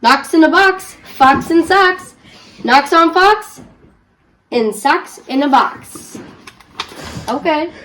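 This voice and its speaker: A woman's voice: sits high, expressive, takes it slowly, long pauses, fairly bright tone, poor audio. A woman reading a children's rhyming book aloud as a guest reader, playfully joking about stumbling over the tongue twisters.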